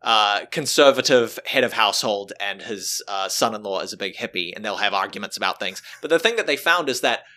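Man, New Zealand accent, podcast host, casual chat, bright tone, animated. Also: lowish voice, brisk, hardly any pauses.

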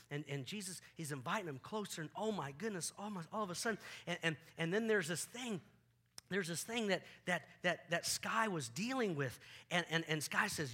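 A male pastor preaching a sermon on a church stage, animated, acting out scenes with volunteers and often repeating words. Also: on the high side, a little fast, slightly rough.

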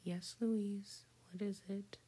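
A woman's voice: medium pitch, steady tone, slow, mellow. A woman whispering the lines of a glum, self-pitying middle-aged restaurant owner in a whispered role-play. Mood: weary. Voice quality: breathy whisper.

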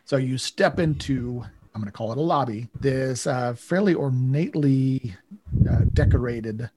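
Casting: husky-voiced man, casual game master narration, loose and rambling. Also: medium pitch, measured pace, no echo. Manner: relaxed, rambling, many fillers.

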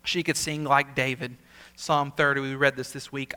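Bright-voiced preaching man. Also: medium pitch, steady tone, a little fast. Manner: earnest preaching, rising to emphatic peaks and dropping to quiet asides; repeats words for emphasis. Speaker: senior pastor. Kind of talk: sermon.

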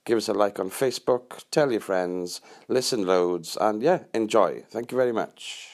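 A man's voice: on the low side, normal speed, background noise. A man hosting a podcast, introducing his guest with joking, teasing banter. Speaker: podcast host. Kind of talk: casual podcast chat.

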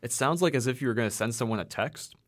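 A man's voice: medium pitch, quick pace. A young man from the American Midwest, co-hosting a casual chat, telling rambling stories and swearing freely. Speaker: podcast co-host.

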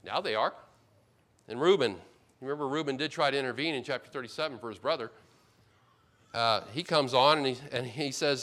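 A man preaching a sermon as pastor, paraphrasing the characters of a Bible story and swinging from loud emphasis to quiet, hushed asides. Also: medium pitch, fairly quick, long pauses.

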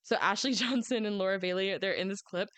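Giggly young woman podcaster, crisp voice. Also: medium pitch, fairly quick, no echo. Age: 20s. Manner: giggly, animated storytelling. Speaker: podcast co-host. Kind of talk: casual chat.

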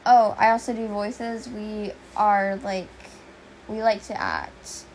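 A woman's voice: medium pitch, fairly even intonation, slow, slight background noise. A teenage girl chatting playfully at home, joking and trying out voice impressions. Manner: playful, joking, says she has tics. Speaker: vlogger. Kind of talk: casual chat. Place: her home.

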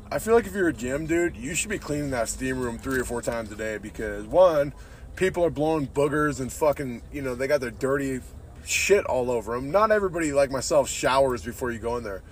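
A man's voice: medium pitch, a little hiss or hum. A man hosting a podcast, talking in a casual, rambling way, swearing often and calling everyone "dude". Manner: profane, laid-back, says "dude" constantly. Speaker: podcast host.

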